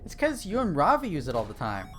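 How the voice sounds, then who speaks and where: A man's voice: fairly high pitch, huge pitch swings, fast talker, a bit bright, faint music behind. A young man chatting casually while streaming a horror game, rambling with lots of fillers and restarts. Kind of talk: casual gaming stream chat.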